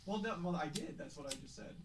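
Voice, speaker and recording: A woman chiming in off-mic on a casual livestream with quick, teasing interjections. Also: fairly low pitch, animated, noisy background. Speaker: co-host off-mic. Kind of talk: casual chat. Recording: faint and distant from the mic.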